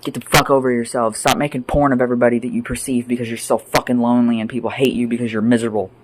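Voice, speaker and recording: A man ranting off the cuff as a vlogger, angry and sweary, rambling between loud outbursts and low mutters. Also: level tone, racing, background noise. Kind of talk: profane off-the-cuff rant.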